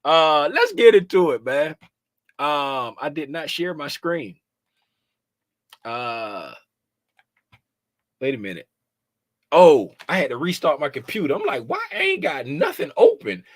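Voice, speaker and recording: A man's voice: on the high side, big pitch swings, takes it slowly, long pauses, no echo, studio quality. A man hosting a trading livestream, chatting casually and playfully and greeting viewers by name.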